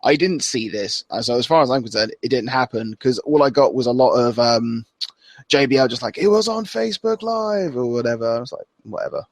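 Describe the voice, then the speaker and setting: A man co-hosting a casual podcast, rambling through a recap and slipping into quick impressions. His voice sits at an ordinary middle pitch. The recording is close and dry, with no room sound. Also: steady tone, no room sound. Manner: loose and rambling, acts out wrestlers' lines with laughs. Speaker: podcast co-host. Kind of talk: casual chat.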